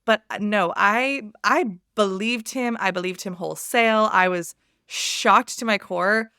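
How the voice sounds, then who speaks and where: An American woman chatting as a podcast guest, emphatic and animated in how she tells things. Her voice sits at a middle pitch and sounds dry and close. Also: measured pace, clean tone, no echo. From United States. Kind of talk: casual podcast chat.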